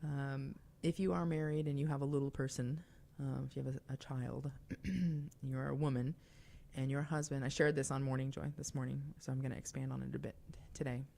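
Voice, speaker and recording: A woman's voice: rumbling low, fairly even intonation, fairly quick, creaky, dark tone. A young woman hosting a call-in radio show, talking in a chatty, confiding way with fillers and asides. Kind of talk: casual call-in radio talk.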